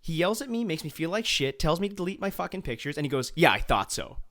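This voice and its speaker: A man's voice: high-pitched, animated, quick pace, fairly bright tone. A man co-hosting a podcast, telling a long rambling story full of swearing and restarts. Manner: profane, rambling anecdote with many restarts. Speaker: podcast co-host. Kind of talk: casual podcast chat.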